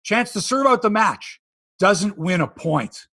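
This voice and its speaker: A Canadian man hosting a casual sports podcast, telling stories with animated tangents. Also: sits high, a little slow, no echo. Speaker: podcast host.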